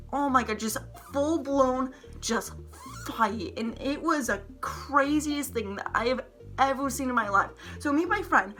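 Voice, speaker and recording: A woman's voice: high voice, pushed and bright. A young woman vlogger telling a heated storytime, rambling, swearing often and saying "like" a lot. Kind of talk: storytime vlog to camera.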